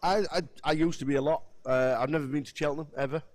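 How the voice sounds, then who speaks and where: A man co-commentating live poker, agreeable and quick to banter and laugh. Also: on the high side, steady tone, a little mellow, no room sound.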